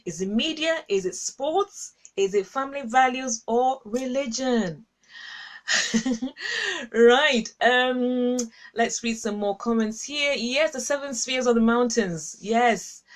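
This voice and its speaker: Hosting a relaxed Christian livestream at a measured pace, a high-voiced woman chats with viewers and reads out their comments. She's warm and talkative, laughing frequently and repeating herself, with the audio coming through a webcam or phone on a cable.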